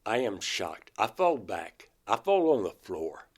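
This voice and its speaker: An interview guest from Georgia in the United States retells a personal experience vividly and emotionally, acting out his own words. His lowish voice swings widely in pitch at an unhurried pace.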